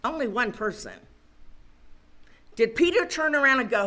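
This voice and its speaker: A woman's voice: medium pitch, unhurried, bright, forceful tone. A woman preaching a sermon, asking the congregation questions and building to fervent calls to press on. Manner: preaching with rising fervor and call-and-response questions.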